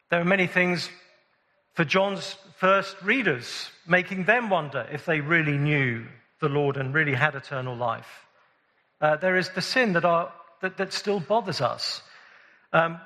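A man preaching a sermon in a conversational way, often restarting phrases, in a church. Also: sits high. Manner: conversational, warm-humored, with frequent restarts. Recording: long hall reverb.

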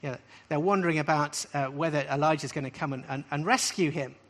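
Guy preaching a sermon to a group, bit high voice, says stuff twice for emphasis. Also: a little fast. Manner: emphatic, repeats key phrases with rising questions. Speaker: preacher teaching on scripture. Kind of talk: sermon-style teaching.

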